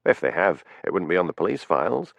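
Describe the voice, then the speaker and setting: Man voicing plain-spoken detective, explaining, low pitch, varied intonation. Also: very animated, fast, creaky, a bit bright, no room sound, exaggerated voice. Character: police colleague on the phone, matter-of-fact man.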